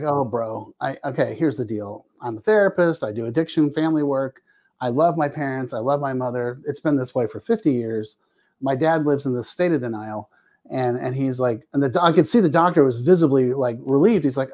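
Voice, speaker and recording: A middle-aged man, a family addiction therapist, telling candid personal stories in a podcast interview and acting out the people he quotes. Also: medium pitch. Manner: animated, acts out quoted dialogue, frequent restarts.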